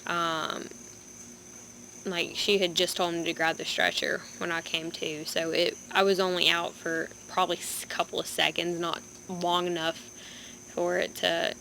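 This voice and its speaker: A young woman vlogger, in pain and low on energy, telling a story in a rambling, halting way into a phone. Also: little pitch movement, gravelly, sharp tone, poor audio. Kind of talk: casual vlog storytelling. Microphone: phone camera. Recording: background noise with birds and insects.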